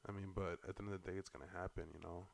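A man co-hosting a podcast in casual political chat, rambling and profane, full of slang and loud outbursts. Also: deep voice, little pitch movement, racing, creaky. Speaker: podcast co-host.

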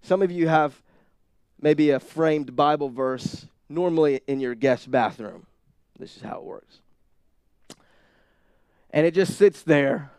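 A young man preaching a sermon, moving from quiet asides to loud, emphatic bursts. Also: medium pitch, measured pace, long pauses, clean tone, dry recording, clean studio sound. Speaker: pastor.

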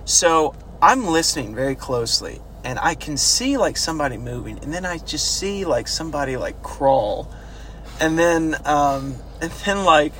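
A man telling army stories in a loose, laughing way, acting out the quotes. His voice sits a little high and swings widely in pitch. Faint background noise runs under the recording. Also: moderate pace. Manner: laughing, animated, acts out quotes with big pitch jumps. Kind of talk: casual storytelling chat.

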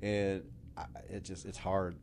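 Middle-aged male guest, low-pitched, lively storyteller who laughs and curses freely. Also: unhurried, vocal fry. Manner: animated, laughing, swears casually. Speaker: podcast guest, entrepreneur. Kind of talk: casual interview storytelling.

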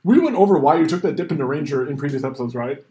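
A man's voice: on the high side, lively intonation, racing, warm tone. A man running a tabletop game as dungeon master, chatting casually with a playful, joking manner. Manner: playful, punny dad jokes. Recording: roomy room with faint noise.

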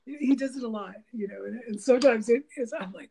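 A woman with a gravelly, low-key mellow voice talks in a loose, rambling way, full of fillers and restarts. She laughs often and acts out little snippets of dialogue as she goes. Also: moderate pace. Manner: animated, laughing, mimics dialogue. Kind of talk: casual conversation about relationships.

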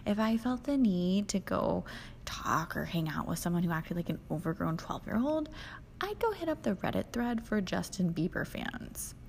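Sassy, profane young woman with lively pitch. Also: moderate pace, creaky, very noisy. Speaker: host. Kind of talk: scripted comedic monologue.

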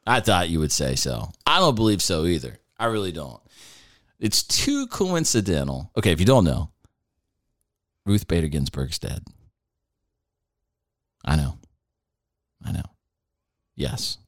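A man's voice: deep voice, measured pace, long pauses, no room sound, clean studio sound. A man hosting a casual talk show, telling stories with energy and acting out the people in them. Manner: animated storyteller who acts out other people's voices. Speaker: podcast host.

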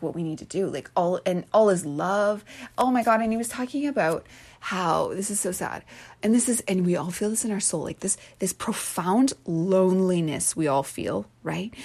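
A woman's voice: lowish voice, animated, normal speed, darkish tone, husky. Rambling Valley-girl-ish woman podcaster. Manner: swears freely, earnest. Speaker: podcast host. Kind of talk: casual spiritual monologue.

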